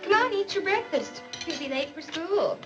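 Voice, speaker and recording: An actress playing a brisk, practical young housewife and mother in a 1940s film comedy. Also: extremely high pitch, expressive. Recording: muffled 1940s film soundtrack with music.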